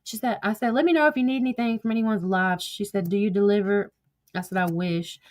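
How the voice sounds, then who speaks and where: A woman with a mid-range voice, talking a little fast, reads her text messages aloud while chatting casually as a commentator. She's chatty and profane, laughs a lot, and drifts off topic.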